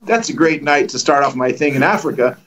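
A middle-aged man preaching, telling testimony stories in an animated way and acting out the dialogue. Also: mid-range voice, a little fast, low-quality recording. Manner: animated, acts out dialogue with lively voices. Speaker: guest preacher. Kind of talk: storytelling testimony.

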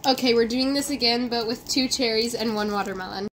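A woman's voice: a little high, brisk, a bit bright. Chatty young woman vlogging, noisy recording. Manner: chatty, nervous, giggly commentary. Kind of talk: casual cooking vlog narration.

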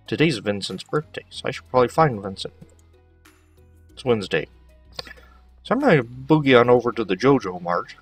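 A man's voice: medium pitch, expressive, normal speed, pauses often, breathy edge, distant mic, soft background music. A man giving casual gameplay commentary, chatting to the characters as he plays. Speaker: let's play host.

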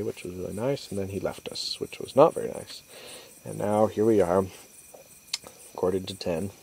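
A man's voice: fairly low pitch, warm tone, breathy edge. A young man vlogging at night from a stalled vehicle, telling his travel story in a chatty, exasperated way full of "like" and acted-out quotes. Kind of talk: casual video diary storytelling. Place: inside a stalled vehicle at night by a rural road.

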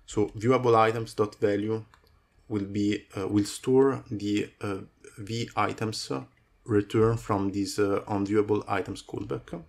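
Guy walking thru code, lowish voice, lots of uhs, keyboard typing behind him. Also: steady tone, unhurried, vocal fry, darkish tone. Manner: talks through code with many fillers. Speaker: coding tutorial host. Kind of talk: screen-recorded coding tutorial.

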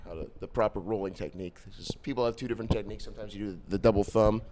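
Quick-talking male podcast host. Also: lowish voice, a little mellow, slight background noise. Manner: chatty, joking, quick to banter. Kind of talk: casual interview chat.

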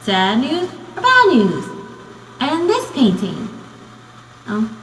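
A woman's voice: high-pitched, wildly swooping pitch, slow, fairly bright tone, a little hiss or hum. A young American woman student narrating a casual video essay, rambling with many fillers. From United States. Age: young adult. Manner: rambling, full of "you know" and "um". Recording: echoey room with long reverb.

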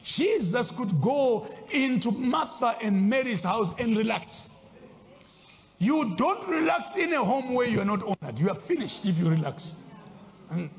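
A man preaching a sermon as a bishop, swinging between loud exclaims and low asides. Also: sing-song, a little slow. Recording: long hall reverb.

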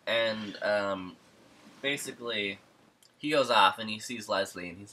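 A man's voice: on the low side, a little slow, sharp tone. A man co-hosting a podcast who recaps a film's plot in a casual, rambling way, with many "like"s and "um"s. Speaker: podcast co-host. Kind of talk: casual film recap chat.

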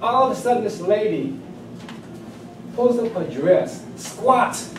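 Man, 60s, humorous storyteller, high voice, slow emphatic delivery, distant mic, noisy background. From South Carolina, US. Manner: lively, drawn-out storytelling with emphatic buildups. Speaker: club speaker. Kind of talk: humorous personal storytelling speech. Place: club meeting room. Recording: echoey room, distant mic, background noise.

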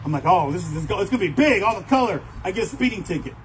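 A man preaching a sermon in a church, telling stories in an animated way and acting out the voices of other people. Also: high voice, a little hiss or hum, low-quality recording. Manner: animated storytelling, acts out voices, fast bursts. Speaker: pastor.

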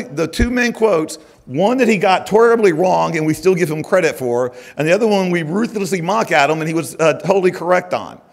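A man giving a conference keynote, chatty and animated, loading his talk with "uh" and "it's like" fillers and leaning into mock-outraged emphasis. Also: a little high. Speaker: keynote speaker. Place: conference stage.

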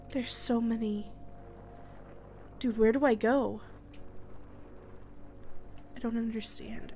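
Young woman streamer rambling through a game, swears a lot, highish voice, game music going. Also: steady tone, unhurried, long pauses, a little mellow. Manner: chatty, emotional, swears a lot, drops to whispers. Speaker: gaming streamer. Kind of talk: let's play commentary. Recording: game music playing behind.

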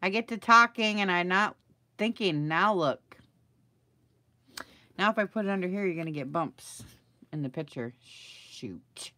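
A middle-aged woman who makes craft videos chats and thinks out loud during a live crafting session, asking viewers for advice as she works. Her lowish voice has a sharp tone and a moderate pace broken by long pauses. The recording has no room sound.

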